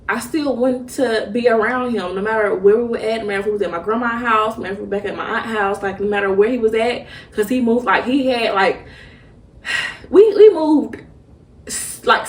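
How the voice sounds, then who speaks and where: A young woman hosts a podcast, talking through a personal story in a halting, emotional way with many restarts. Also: mid-range voice. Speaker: podcast host. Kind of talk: personal reflective monologue. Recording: roomy echo, mic at a distance.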